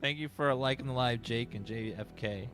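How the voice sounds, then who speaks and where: A man's voice: mid-range voice, normal speed, a bit bright. A man casually chatting as a game streamer, offhand and talkative. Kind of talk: casual gaming commentary.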